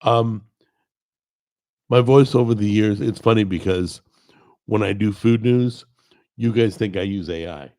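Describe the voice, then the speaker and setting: A middle-aged man with a gravelly, strained voice talks unhurriedly into a desk mic, rambling in a plainspoken, self-deprecating way. His pitch sits low, with a rough, crackly grain throughout. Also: unhurried, pauses often, a little mellow. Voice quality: gravelly, strained voice from a paralyzed vocal cord. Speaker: cooking show host. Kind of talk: casual chat to camera. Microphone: desk microphone recorded over a video call.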